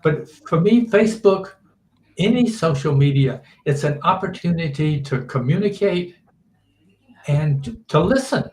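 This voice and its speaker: An older man, a teacher, giving measured interview answers and often restarting his sentences. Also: a little high, lively intonation, a little mellow, roomy sound. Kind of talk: slow thoughtful interview answers.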